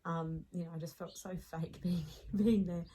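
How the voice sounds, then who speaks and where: A woman in her late thirties with an Australian accent, telling a lively personal story as a podcast guest and laughing along as she talks. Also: fairly low pitch, normal speed, slight background noise, rough recording.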